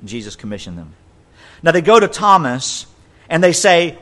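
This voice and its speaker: A male preacher delivers a sermon in a fairly high voice, driving his points home through repetition. He often halts to rephrase himself as he goes. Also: sing-song, moderate pace, fairly bright tone. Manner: emphatic, repetitive, self-correcting. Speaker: pastor.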